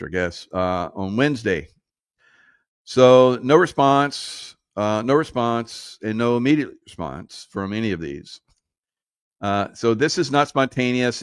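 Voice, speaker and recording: A man's voice: on the low side, clear, resonant tone, no echo, clean studio sound. A man hosting solo political commentary, sarcastic and mocking, often laughing at his own jokes.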